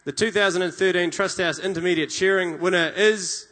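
A man's voice: high-pitched, steady tone, fairly quick, pushed and bright, a little hiss or hum. A man hosting a prizegiving, formal announcements mixed with friendly banter.

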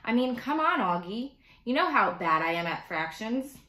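A woman reading aloud as a gentle, coaxing mother who reassures her son. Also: a little high, sing-song, moderate pace, echoey room, pitched above the performer's own voice, rough recording.

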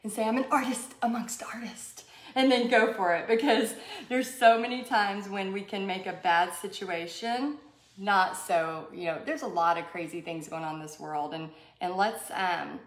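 A woman with a Texas accent, chatting and telling stories to viewers while she paints on a live stream. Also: on the low side. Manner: chatty, rambling, with many fillers and asides to viewers. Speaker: painting instructor. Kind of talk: live-streamed craft tutorial with casual storytelling. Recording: echoey room.

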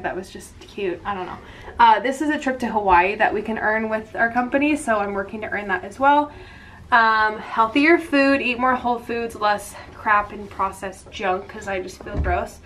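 A woman's voice: medium pitch, a bit bright, slight background noise. Chatty young woman vlogging at home. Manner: chatty, rambling, lots of "like" fillers. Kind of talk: casual chat.

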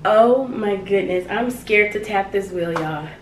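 A woman's voice: mid-range voice, measured pace. A young adult woman co-hosting a casual, playful chat about a makeup challenge, recorded from a distance in an echoey room. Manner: chatty, playful, says y'all. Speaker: co-host. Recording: echoey room, mic far off, noisy.

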